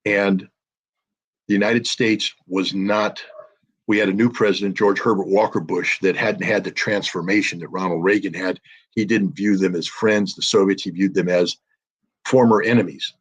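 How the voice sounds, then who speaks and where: A man's voice: deep voice, steady tone, moderate pace, slightly rough. A man in his sixties giving emphatic political commentary as a podcast guest, acting out quoted voices along the way.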